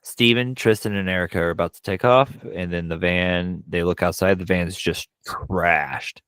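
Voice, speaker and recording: Deep-voiced man recapping a film, smooth and dry. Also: no echo. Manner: animated retelling, quick bursts of quoted lines; frequent profanity. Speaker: podcast co-host. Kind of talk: casual movie recap chat.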